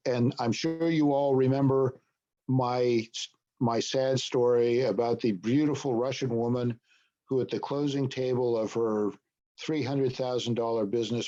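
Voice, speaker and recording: A man's voice: mid-range voice, mellow, muffled recording. A man leading a business broker training, explaining points and checking in with "okay?". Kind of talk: training session talk.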